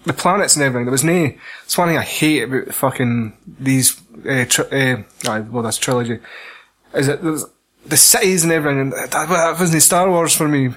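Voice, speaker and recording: A man's voice: medium pitch, fairly quick. A Scottish man in casual, sweary film chat, ranting and laughing. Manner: sweary, laughing, animated rants.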